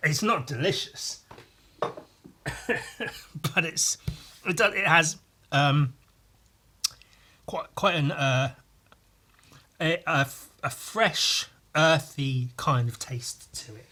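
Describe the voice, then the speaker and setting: A man's voice: on the high side, very slow, long pauses, bright, forceful tone. A man hosting a podcast, talking alone in a casual, rambling way, swearing freely and breaking off mid-sentence. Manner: sweary, rambling, self-interrupting. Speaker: podcast host.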